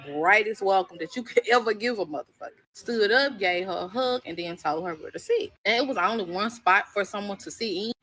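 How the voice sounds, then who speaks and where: A woman's voice: mid-range voice, low-quality recording. A young woman, telling a storytime in a sassy, profane, chatty way. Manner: sassy, profane, animated quoting of characters. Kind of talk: casual second-person storytime.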